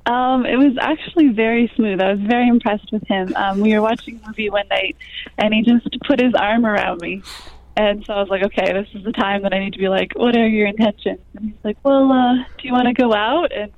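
A woman in her twenties, a guest in an interview, speaking softly with many ums and likes. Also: medium pitch, fairly even intonation, a little fast, no room sound, dull audio. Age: 20s. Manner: soft-spoken, frequent ums and likes. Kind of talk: interview conversation.

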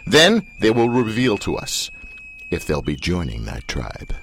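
A man hosting a casual radio talk show, jokey and lively. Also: sits low, background noise. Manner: jokey, animated, does quick comic voices.

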